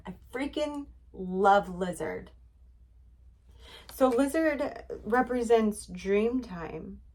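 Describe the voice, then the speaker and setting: A woman hosting a relaxed spiritual reading, speaking at a mid-range pitch. She rambles in a friendly way and leans on fillers as she goes. She repeats her points to encourage the listener. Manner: chatty, rambling, many fillers; encouraging, repetitive. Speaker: spiritual card reader.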